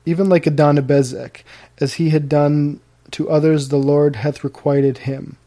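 A man's voice: a little high, flat delivery, moderate pace, dark tone, close to an everyday voice. A man reading an officious pious maid. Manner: muttering, preachy. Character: officious, pious maidservant woman.

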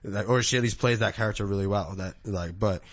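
A man's voice: lowish voice, fast, no room sound. A man hosting a podcast, joking and laughing often in crude casual banter. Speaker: podcast host.

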